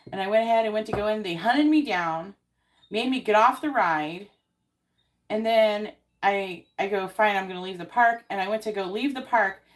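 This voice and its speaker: A woman who hosts tarot readings, telling a story in an indignant, casual rant full of swearing and fillers. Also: medium pitch. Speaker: tarot card reader host.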